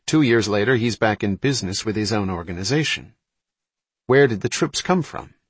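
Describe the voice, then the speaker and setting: Man voicing a pushy, husky intelligence analyst. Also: on the low side, lively intonation, normal speed, dry recording. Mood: insistent. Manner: pressing, argumentative. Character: sharp, probing male intelligence analyst.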